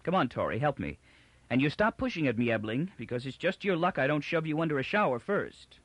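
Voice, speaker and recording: A man's voice: on the high side, big pitch swings, fairly quick, fairly bright tone, no room sound, pitched above the performer's own voice. A man voicing a decisive, bossy young woman who scolds and fusses in a caring way. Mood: scolding.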